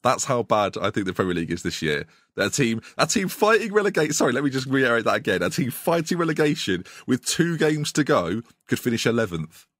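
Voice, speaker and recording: A man's voice: mid-range voice, big pitch swings, fairly quick, few pauses, a bit bright, no room sound, clean studio sound. A man co-hosting a casual football podcast, wry and opinionated, with joking asides to the listeners. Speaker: podcast co-host.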